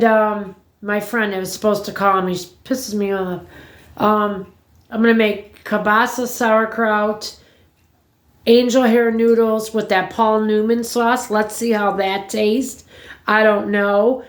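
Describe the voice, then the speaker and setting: A woman vlogging from home, chatting casually to her viewers in a rambling, blunt way and swearing freely. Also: mid-range voice. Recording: roomy echo.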